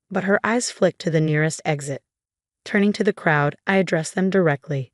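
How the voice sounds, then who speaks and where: A woman narrating a scripted first-person story in an even, measured way. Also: on the low side, no echo, studio quality.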